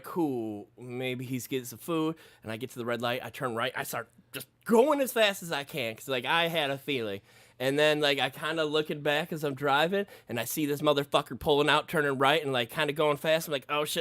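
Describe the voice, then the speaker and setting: Profane, animated man telling a story. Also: medium pitch, brisk, no echo. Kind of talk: casual storytelling chat.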